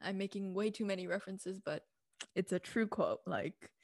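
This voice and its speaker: Giggly young woman with a creaky voice. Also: medium pitch, moderate pace, a little mellow, dry recording, clean studio sound. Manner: giggly, chatty, informal slang. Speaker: podcast host. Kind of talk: casual podcast chat.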